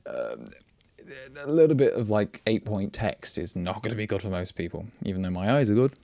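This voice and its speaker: A fairly low, creaky, dark male voice moves briskly in a sing-song way, with no room sound. He's hosting a laid-back programming livestream, rambling wryly and often stopping mid-word to restart.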